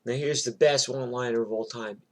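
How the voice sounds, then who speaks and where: A man tells a story in a loose, chatty monologue. He is animated and digressive, with a mid-pitched voice. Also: fairly quick.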